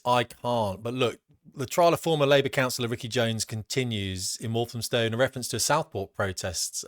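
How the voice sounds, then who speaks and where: A man's voice: mid-range voice, a bit bright, no echo, studio quality. A middle-aged man from Britain giving blunt, emphatic, slangy commentary as a vlogger. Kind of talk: opinionated commentary.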